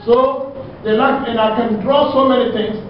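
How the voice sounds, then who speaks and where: High-voiced man preaching in an echoey hall. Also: recorded from a distance, a little hiss or hum. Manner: conversational, animated, with drawn-out emphasis. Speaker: Islamic preacher. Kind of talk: storytelling sermon. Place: lecture hall. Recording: echoey, muffled hall recording from afar.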